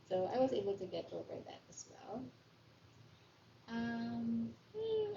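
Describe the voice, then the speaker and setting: A woman with a Filipino accent hosts a live stream from home, sharing personal stories in a candid, confiding way. She laughs easily and drops Tagalog words into her English. Her voice sits at a middling pitch and carries some room echo, with a slightly dull sound and faint noise behind. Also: vocal fry, darkish tone. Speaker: livestream host.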